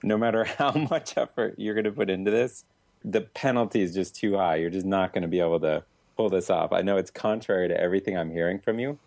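A man interviewing a guest, asking slow, thoughtful questions. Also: deep voice, gravelly, darkish tone, no room sound, clean studio sound.

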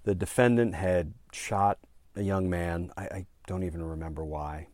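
A man in his fifties, a former prosecutor, telling a story in an earnest, halting way with fillers and emphatic repeated phrases. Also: sits low, fairly even intonation, darkish tone, dry recording. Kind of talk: storytelling commentary.

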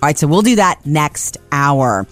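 A woman co-hosting a casual radio show, upbeat with quick reactions to the others. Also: low-pitched, lively intonation, soft background music. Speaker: radio co-host. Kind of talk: casual morning radio chat.

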